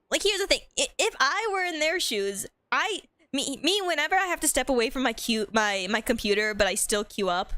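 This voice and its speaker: A woman's voice: on the high side, sharp tone, no room sound. A woman streaming a game, chatting casually with giggly, rambling trash talk. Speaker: gaming streamer. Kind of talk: casual live-stream chat.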